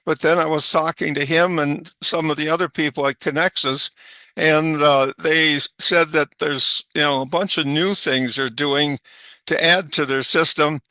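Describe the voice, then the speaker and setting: A man's voice: on the high side, fairly even intonation, normal speed, pushed and bright, no echo. A man hosting a webinar, introducing the guest speaker in a loose, rambling way. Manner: loose, rambling, restarts and chuckles.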